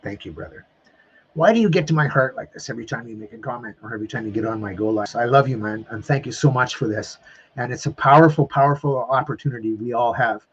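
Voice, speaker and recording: Male live-stream coach, effusive and repetitive, average pitch, slightly dull streaming audio. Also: fast, husky. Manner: emphatic, repeats phrases, calls viewers "my friends"; openly emotional and effusive. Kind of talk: live-stream talk to viewers.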